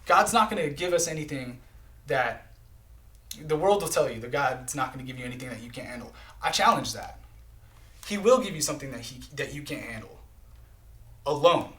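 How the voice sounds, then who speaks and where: A man's voice: mid-range voice, expressive, brisk, pauses often, sharp tone. A man preaching a live-streamed sermon in an earnest, conversational way, often checking in with "right?" and "okay?".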